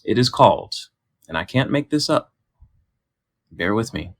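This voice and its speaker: A man co-hosting a podcast, running segments in a playful, lively way. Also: on the low side, unhurried, pauses often, no room sound. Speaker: podcast co-host. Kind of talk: casual chat.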